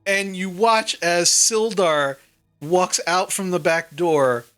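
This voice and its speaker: A woman narrating as game master of a tabletop game, casual and laughing often. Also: lowish voice. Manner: laughing, quick, loose narration.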